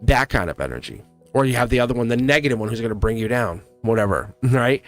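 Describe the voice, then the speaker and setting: A man of middle pitch talks loosely to viewers during a live tarot reading. He rambles and laughs often, and faint music plays behind him. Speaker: tarot reader hosting a live stream. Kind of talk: casual live-stream chat.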